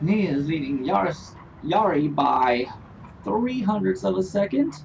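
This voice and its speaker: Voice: mid-range voice, lively intonation, measured pace, gravelly, a little mellow. A sim racing commentator giving casual live race commentary, rambling and joking with frequent laughs. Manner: jokey, rambling, laughs often. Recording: distant dull lo-fi mic with faint noise.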